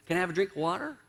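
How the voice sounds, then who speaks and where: A man's voice: high-pitched, gravelly, fairly bright tone, long reverb tail, heavily acted. A man voicing a husband who keeps hesitantly asking his wife for something. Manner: pleading, hesitant. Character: pleading husband, middle-aged man.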